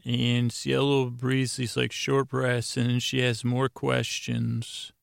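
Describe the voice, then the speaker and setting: Man, podcast host, casual episode recap, gravelly, flat delivery, dry sound. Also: medium pitch, slow, dry recording. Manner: rambling, with many restarts.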